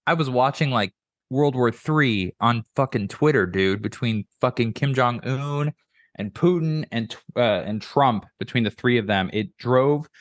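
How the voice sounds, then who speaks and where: A man's voice: medium pitch, unhurried, no echo. A man on a podcast as a guest, chatting casually and rambling profanely about politics with many restarts.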